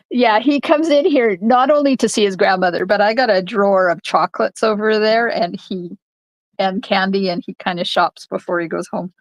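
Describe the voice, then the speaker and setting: A woman's voice: medium pitch, moderate pace, dry recording, poor audio. An older woman, a card-making instructor, chatting to viewers during a live-streamed craft tutorial in her home craft room. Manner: chatty, talks to viewers while stamping.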